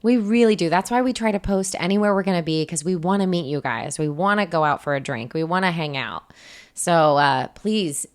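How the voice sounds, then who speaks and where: Easygoing woman podcaster, lowish voice. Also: a little fast. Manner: easygoing, chiming in with agreement. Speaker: podcast co-host. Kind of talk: casual travel recap chat.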